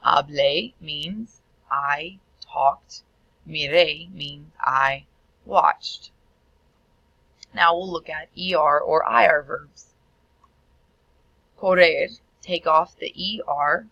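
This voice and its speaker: A woman teaching Spanish in a recorded video tutorial, explaining each step clearly and sounding out the Spanish words. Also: low voice, extremely slow, long pauses, pushed and bright, no echo, dull audio.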